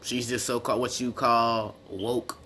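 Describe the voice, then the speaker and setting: A young vlogger rambles casually through a personal story packed with slang and restarts, retelling exchanges in quotes. His medium-pitched voice is level and sharp at a measured pace, with a little hiss or hum on the audio.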